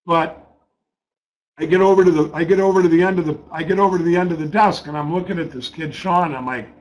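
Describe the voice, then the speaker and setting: A man's voice: fairly high pitch, fairly even intonation, fast, rough recording. A middle-aged man telling a trading-desk story in a blunt, profane way, repeating words as he gets worked up. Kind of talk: casual spoken storytelling.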